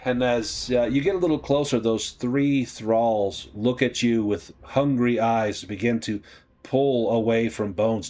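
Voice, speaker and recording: A man narrating as game master of a tabletop game, relaxed and halting. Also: fairly low pitch. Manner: relaxed, halting, with fillers and restarts.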